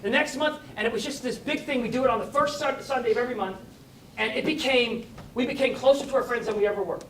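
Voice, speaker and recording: Man giving a motivational story talk, gets really excited, mic far off with a faint rumble. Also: fast, roomy sound. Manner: animated, rising to high bursts of excitement. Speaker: motivational speaker.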